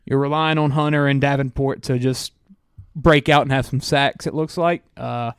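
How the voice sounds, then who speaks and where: Smooth-voiced man musing through a roster. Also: mid-range voice, steady tone, moderate pace, dry recording, clean studio sound. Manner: reads through a team roster, musing aloud with many "uh"s. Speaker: podcast co-host. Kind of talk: casual sports chat.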